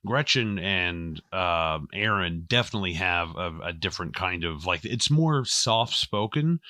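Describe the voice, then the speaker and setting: A man's voice: low voice, expressive, measured pace, bright, forceful tone, no room sound, studio quality. A man co-hosting a casual film podcast, joking and swearing freely, slipping into silly voices. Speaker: podcast co-host. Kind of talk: casual film-review chat.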